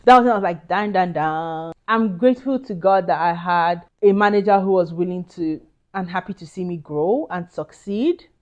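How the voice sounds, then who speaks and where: A woman's voice: fairly low pitch, normal speed, darkish tone, lo-fi sound. Earnest Nigerian woman giving career advice. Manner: earnest, emphatic, chatty with asides. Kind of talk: casual advice talk to camera.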